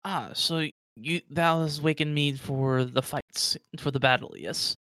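A man's voice: on the high side, unhurried, bright, forceful tone, no room sound, clean studio sound. A man voicing a confused, agitated male figure just woken from a long sleep, who speaks in old-fashioned formal phrasing.

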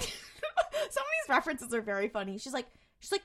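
A woman's voice: high voice, brisk. A woman co-hosting a podcast, recapping episodes in casual chat and acting out the characters' lines with many laughs. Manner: animated, acts out characters, laughs often. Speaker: podcast co-host.

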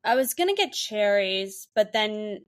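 A woman's voice: medium pitch, very animated. A young woman co-hosting a podcast, telling candid stories in casual chat and acting out the people she quotes. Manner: candid, rapid storytelling with quoted voices. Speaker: podcast co-host.

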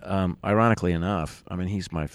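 A man's voice: sits low, fairly even intonation, fast talker, no echo. A man being interviewed as a musician, talking casually and rambling with many restarts. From United States. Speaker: musician guest. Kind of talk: conversational interview.

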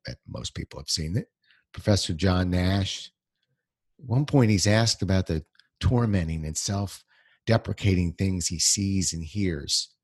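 A man's voice: low-pitched, a little slow, breathy edge, no room sound, clean studio sound. A man hosting a solo motivational podcast from home, speaking conversationally with plenty of fillers and restarts. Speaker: podcast host.

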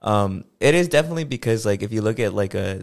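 A man's voice: fairly low pitch, quick pace, creaky. A man from the United States co-hosting a podcast, talking casually and loosely with lots of fillers. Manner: relaxed, loose, heavy use of fillers. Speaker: podcast co-host.

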